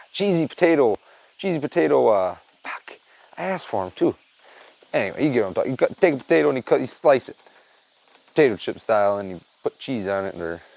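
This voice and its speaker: A man's voice: mid-range voice, gravelly, darkish tone, low-quality recording. A man chatting loosely to his camera at home, rambling, swearing and laughing as he tells a story. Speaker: vlogger. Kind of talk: casual rambling chat to camera.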